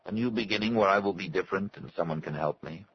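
A man's voice: sits low, fast, husky, dull audio. A man voicing a frightened, trapped old man who begs for help. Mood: pleading.

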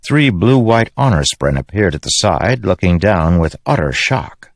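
A man narrating a fantasy audiobook in a steady storytelling manner. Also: sits low, a little slow, no echo, studio quality. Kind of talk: scripted narration.

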